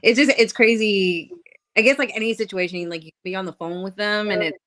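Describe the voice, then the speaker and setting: A woman's voice: mid-range voice, brisk, fairly bright tone, rough recording. Chatty woman guest on a podcast. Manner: chatty, many fillers like "like". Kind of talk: casual chat.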